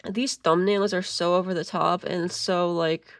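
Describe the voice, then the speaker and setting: A woman's voice: lowish voice, steady tone, a little slow, dry recording. A woman streamer commenting casually and sarcastically, rambling with many fillers and laughing at her own jokes. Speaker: streamer reacting to a call.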